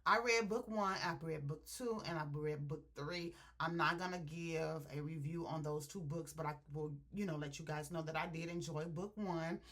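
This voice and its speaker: A woman reviewing a book, retelling scenes in an animated, chatty way and talking straight to her viewers. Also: low-pitched, moderate pace, few pauses. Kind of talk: casual story retelling.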